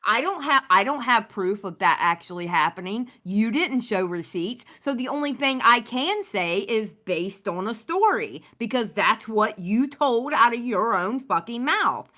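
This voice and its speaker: A woman's voice: fairly high pitch, lively intonation, a little slow, hardly any pauses, bright, forceful tone. A woman co-hosting a commentary stream, blunt and indignant, and she swears as she talks. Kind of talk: casual commentary chat.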